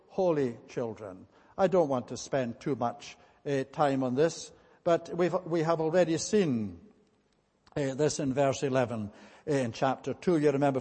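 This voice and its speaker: A man's voice: a little high, a little mellow. A man preaching a sermon in an earnest way, repeating his key points for emphasis. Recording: long hall reverb.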